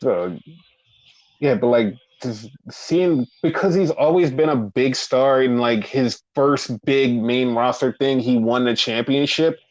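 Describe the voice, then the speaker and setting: A man's voice: mid-range voice, takes it slowly, muffled recording. Casual, swearing man recapping wrestling. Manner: loose, profane storytelling with lots of fillers. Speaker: wrestling podcast co-host.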